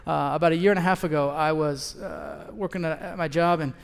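Man, pastor, lively storytelling sermon, fairly high voice, long hall echo. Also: brisk, vocal fry. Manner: animated, acts out both sides of conversations.

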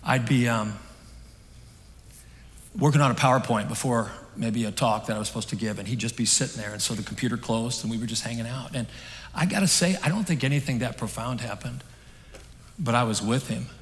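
A man preaching a sermon on a stage, telling a story in an earnest, conversational way that swings between emphatic and hushed. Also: medium pitch, brisk. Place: stage in a large hall. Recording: long hall reverb.

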